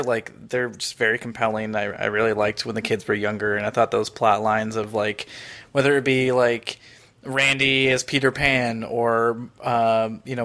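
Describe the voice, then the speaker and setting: A man's voice: medium pitch, sharp tone. A man co-hosting a podcast in casual chat, earnest, often repeating the first word of a sentence. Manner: earnest, stammers on starts. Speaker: podcast co-host.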